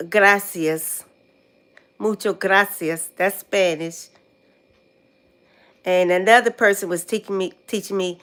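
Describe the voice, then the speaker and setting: An older American woman on a casual livestream, talking in a relaxed, chatty way. She goes over words again and again as she recalls them, with a voice of ordinary middle pitch. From United States. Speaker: vlogger.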